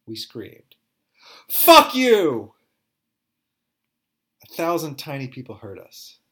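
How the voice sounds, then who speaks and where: A man narrating a personal story in the first person, calm and reflective. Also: mid-range voice.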